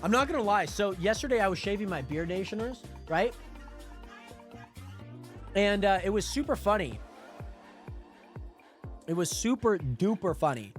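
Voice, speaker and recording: A man with a high, bouncy voice that swoops up and down, chatting loosely with his stream viewers as he plays. He rambles and repeats himself between game moves, talking into a desk mic. Music plays clearly underneath. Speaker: livestreamer. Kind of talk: casual gaming livestream chat. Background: background music.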